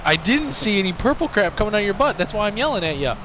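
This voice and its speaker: A young man streaming a game, shouting excited commentary and bossy coaching at his teammate. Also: high-pitched, fast, background noise. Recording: game music behind.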